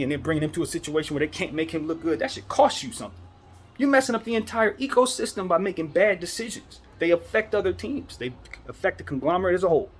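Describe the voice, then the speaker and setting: A man's voice: fairly high pitch, slightly rough. Fired-up man ranting about basketball. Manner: fired-up, preachy ranting with repeated rhetorical questions. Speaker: basketball commentary host. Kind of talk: casual opinion monologue.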